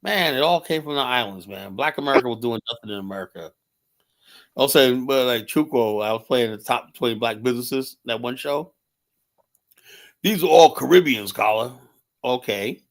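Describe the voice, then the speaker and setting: A man's voice: medium pitch, lively intonation, normal speed. A man arguing his point heatedly in a casual stream discussion, constantly tagging on rhetorical questions. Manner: heated, argumentative, keeps asking "you know?". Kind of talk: casual live-stream debate.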